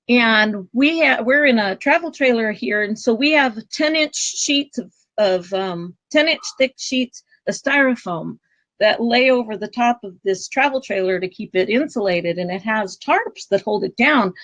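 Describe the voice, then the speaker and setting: Animated middle-aged woman telling a story. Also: on the high side, no echo, lo-fi sound. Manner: animated, acts out quoted speech with sudden loud outbursts. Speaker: guest. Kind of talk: conversational storytelling. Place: travel trailer.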